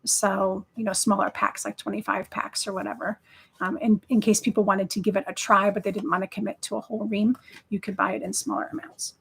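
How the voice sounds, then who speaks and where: A woman's voice: mid-range voice, creaky, husky. A woman hosting a live craft stream, chatting casually and enthusiastically as she demonstrates, rambling with many fillers. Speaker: craft livestream host.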